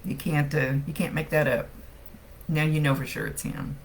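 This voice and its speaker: A woman talking through a live psychic reading in a relaxed, chatty way. Her voice carries a gravelly fry, and she laughs often. A faint noise sits under her voice. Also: low-pitched, normal speed. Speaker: psychic medium. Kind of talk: live-streamed reading, casual chat.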